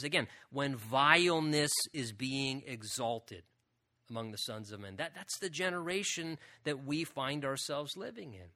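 A man's voice: medium pitch, sharp tone. A man preaching a sermon as a pastor, speaking earnestly and often repeating "again" and asking "right?".

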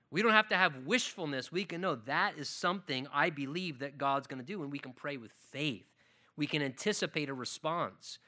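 A man's voice: fairly high pitch, pushed and bright. A middle-aged man preaching a sermon in an earnest manner, sometimes acting out little dialogues. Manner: earnest preaching, acts out dialogue with rising intensity. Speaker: pastor.

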